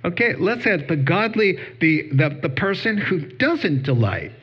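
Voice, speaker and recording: A husky male pastor delivering a sermon, slipping into lively acted-out voices as he retells conversations. The recording is somewhat dull and lo-fi. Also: on the high side, unhurried. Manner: animated storytelling with acted-out dialogue.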